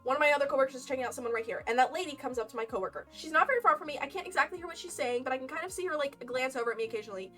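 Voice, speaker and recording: A young woman streamer chatting casually in a storytime while crocheting, animated and laughing as she retells things. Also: high voice, rapid-fire, hardly any pauses. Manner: animated, laughing, dramatic voice swings when retelling. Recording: faint lo-fi music behind, slightly distant mic. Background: lo-fi game music.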